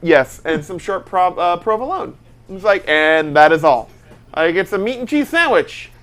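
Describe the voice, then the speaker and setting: Chatty man with a higher voice. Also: lively intonation, normal speed, a bit bright. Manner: chatty, rambling with many fillers. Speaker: podcast co-host. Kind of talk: casual chat.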